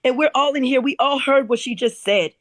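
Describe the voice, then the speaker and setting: High-voiced angry woman, dry sound. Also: no echo. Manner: angry, rapid, stumbling restarts. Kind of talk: heated live-stream talk.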